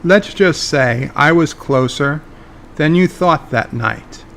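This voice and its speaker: A man's voice: on the high side, slow, creaky, fairly bright tone, a little hiss or hum, exaggerated voice. A man voicing an older, dignified male starship captain who speaks formally and gets easily annoyed. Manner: stiff, formal, mildly annoyed.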